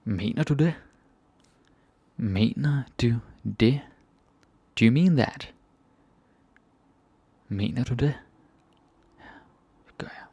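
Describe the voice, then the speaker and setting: Gravelly Danish man teaching phrases. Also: medium pitch, dark tone, no room sound, highs cut off. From Denmark. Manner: repeats phrases slowly, then explains casually. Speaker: language teacher. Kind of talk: casual language lesson.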